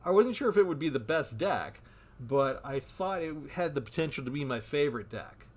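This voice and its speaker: A man's voice: fairly high pitch, sing-song, fairly quick. A man giving casual commentary on a card game he is playing, thinking aloud about his moves.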